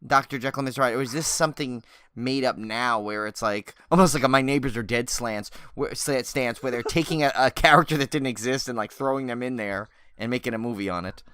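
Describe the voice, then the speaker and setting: Bright, crisp-voiced man chatting. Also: mid-range voice, fairly quick, dry recording. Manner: rambling, many restarts and fillers. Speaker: podcast co-host. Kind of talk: casual chat.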